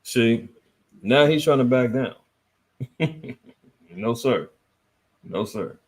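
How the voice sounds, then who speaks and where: A man hosting a casual news commentary livestream, reading articles aloud and answering his chat in a lively, swinging voice. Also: very slow. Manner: animated, swinging between loud and low, reads articles aloud, talks to chat. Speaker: host.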